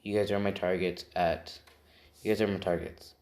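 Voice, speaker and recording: A man voicing a calm, protective teenage boy hero, earnest and reassuring. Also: deep voice, moderate pace.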